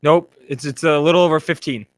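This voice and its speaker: A man co-hosting a live stock market show, talking fast and excitedly with lots of stammered restarts. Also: fairly high pitch.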